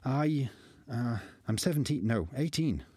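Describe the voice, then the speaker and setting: A man's voice: medium pitch, lively intonation, measured pace, mellow, slightly rough, dry recording, pitched above the performer's own voice. A man voicing a shy, earnest young apprentice bard who hesitates and stammers.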